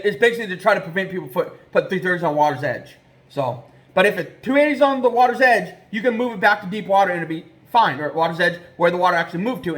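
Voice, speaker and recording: A man talking casually in a vlog about trapping, rambling and excitable, with many fillers and restarts. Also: high voice. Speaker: trapping vlogger.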